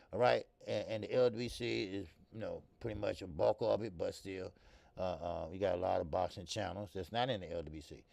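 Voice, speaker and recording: A man's voice: fairly low pitch, gravelly, dry recording. A middle-aged American man hosting a casual live boxing talk stream, loose and profane, laughing and talking straight to viewers. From American Midwest. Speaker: boxing talk show host. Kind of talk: casual live-stream chat reading comments.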